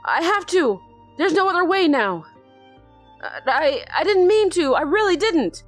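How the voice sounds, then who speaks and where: A woman's voice: very high voice, very animated, a little slow, faint music behind, pitched above the performer's own voice, heavily acted. A woman voicing a distraught sixteen-year-old boy from a video game, pleading and broken-up as she reads his lines. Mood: desperate. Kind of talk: reading game dialogue aloud.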